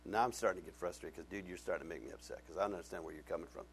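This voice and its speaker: A man's voice: deep voice, rapid-fire, a little hiss or hum. A middle-aged male pastor preaching a sermon, telling personal stories and acting out both sides of conversations with self-mocking humor.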